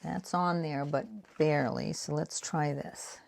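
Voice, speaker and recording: Woman, 60s, Boston accent, low voice, gravelly, rambling craft chat. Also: steady tone, a little slow, darkish tone. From Boston area. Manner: rambling, self-deprecating, talks while painting. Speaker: art vlogger. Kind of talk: casual craft chat while working.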